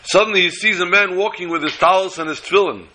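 A man telling a story in a sermon, with an expressive, dramatic delivery. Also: sits high, fast, slight background noise, low-quality recording.

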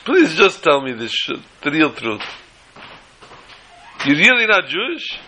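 A man's voice: on the high side, huge pitch swings, measured pace, pushed and bright, breathy edge, exaggerated voice. A man voicing a persistent, sweetly nosy little old lady who asks polite, insistent questions. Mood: politely insistent.

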